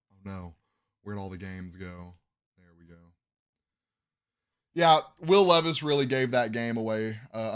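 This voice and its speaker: A man hosting a casual sports podcast, ranting in bursts of loud hype and dropping to muttered asides, coughing when he yells. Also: medium pitch. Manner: animated, swings between yelling hype and muttering asides. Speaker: podcast host.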